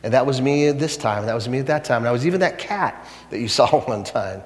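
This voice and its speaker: A man voicing a great, gentle lion who speaks low and reassuringly. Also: lively intonation, fast talker, close to an everyday voice. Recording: echoey hall.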